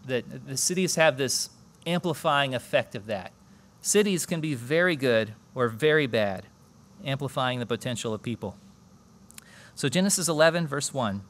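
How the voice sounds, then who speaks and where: A man's voice: a little high, fairly bright tone. A man preaching a conversational sermon at a church service, explaining scripture and asking the congregation questions.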